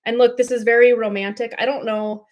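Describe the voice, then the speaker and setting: A woman reading tarot on a livestream, with a slightly high voice. She talks in a loose, rambling way, gushing over the cards and padding her sentences with fillers and soft laughs. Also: little pitch movement, fairly quick. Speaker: tarot reader. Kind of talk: casual livestream chat.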